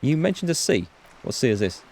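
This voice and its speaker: A man's voice: mid-range voice, big pitch swings, fairly quick, creaky, darkish tone. A man reading the lines of an odd, forgetful middle-aged male detective in a game, hesitant and plain, in his own voice. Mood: offbeat.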